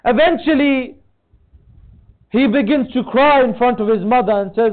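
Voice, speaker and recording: A man's voice: very high voice, moderate pace, long pauses. A man narrating a mourning sermon, his voice rising into a tearful lament. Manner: recites in a rising lament, voice breaking toward tears. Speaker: speaker at a mourning gathering. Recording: tinny phone-like sound.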